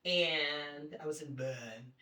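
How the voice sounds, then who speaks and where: A woman's voice: low-pitched, slow, far from the mic. A woman from Mississippi, a singer, chatting casually as a guest and acting out the people in her stories. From Mississippi, USA. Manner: animated storyteller, acts out quoted people. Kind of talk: casual chat. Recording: echoey room, voice from off-mic.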